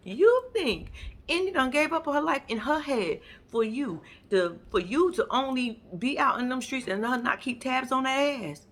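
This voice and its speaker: Animated woman doing a profane show recap. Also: high voice, unhurried. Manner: animated, profane, acts out quotes, laughs often. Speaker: reality TV recap vlogger. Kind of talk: casual reality show recap.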